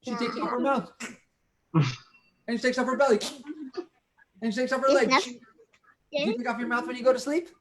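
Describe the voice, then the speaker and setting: A man's voice: very high voice, fairly quick, long pauses. A man leading a children's music session, telling a playful story and asking the kids questions. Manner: animated, question-and-answer with kids.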